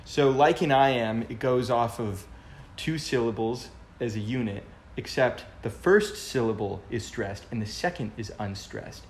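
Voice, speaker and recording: A man with a mid-range voice reflects out loud and often restarts as he hunts for the right word. His voice carries a noticeable room echo. Faint noise runs in the background. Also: mid-range voice, unhurried. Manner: thoughtful, searching for words with restarts. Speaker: podcast co-host. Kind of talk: casual discussion.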